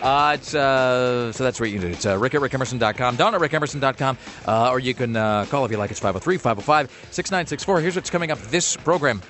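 Fast-talking wry male radio host. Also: medium pitch, fairly bright tone, soft background music. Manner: rambling, wry, many fillers. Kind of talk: casual radio banter.

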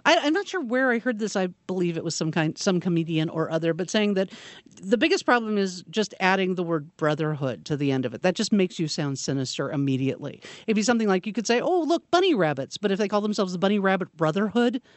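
A man's voice: high voice, fast, no echo. A man co-hosting a radio show and reading the news, with a dry, self-deprecating manner. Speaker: radio news reader and co-host.

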